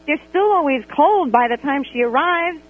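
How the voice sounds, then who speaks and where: A woman calling in to a radio show by phone, telling a story in an animated, exasperated way. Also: high voice, normal speed. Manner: animated, exasperated retelling with quoted dialogue. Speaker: radio caller. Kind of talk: call-in storytelling about a friend. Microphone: telephone. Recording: tinny phone line on radio.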